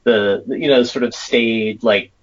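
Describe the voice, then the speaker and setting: A man's voice: medium pitch, fairly even intonation, unhurried, dull audio. A man co-hosting a casual movie podcast, rambling and thoughtful, with lots of fillers. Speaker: podcast co-host.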